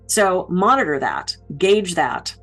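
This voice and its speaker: A woman's voice: fairly low pitch, slow, slightly rough, soft background music, low-quality recording. A woman keynote speaker giving public speaking advice, telling stories about her own mishaps with self-deprecating humor. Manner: lively self-deprecating storytelling.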